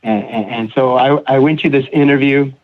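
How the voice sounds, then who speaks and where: A man guest on a recovery podcast, telling his personal story in a halting way, repeating words and acting out what others said. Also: mid-range voice, steady tone. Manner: halting, repeats words, acts out quoted voices. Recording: tinny phone-like audio.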